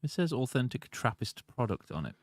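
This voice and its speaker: A man's voice: medium pitch, very animated, brisk, no room sound, studio quality. A man in a band chatting on a live stream, explaining trivia in a chatty way. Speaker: band member. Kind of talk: casual stream chat.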